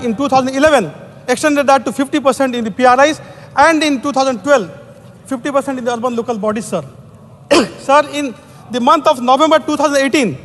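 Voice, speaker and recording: A man's voice: extremely high pitch, a bit bright. A man from Odisha with an Indian English accent giving a formal parliamentary speech, addressing the chair as "sir" again and again. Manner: formal, peppers every phrase with "sir". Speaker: member of parliament. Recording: long reverb of a large chamber.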